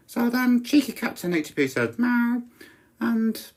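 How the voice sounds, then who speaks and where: Lively deadpan woman podcaster. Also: a little high, measured pace, slightly rough. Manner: deadpan, mock-pompous storytelling. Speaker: podcast host. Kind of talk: comic monologue. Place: home podcast studio.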